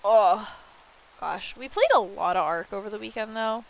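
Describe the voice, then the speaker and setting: A woman streamer chatting casually while she plays a building game, telling stories with animated, excited quoted reactions and swearing freely. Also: mid-range voice, normal speed, gravelly, slight background noise. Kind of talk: casual chat while gaming.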